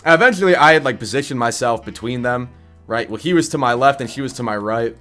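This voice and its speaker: A man's voice: mid-range voice, brisk, a bit bright, soft background music. Congested young man ranting bluntly. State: congested, scratchy voice. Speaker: gaming YouTuber. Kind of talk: casual rant and game build guide.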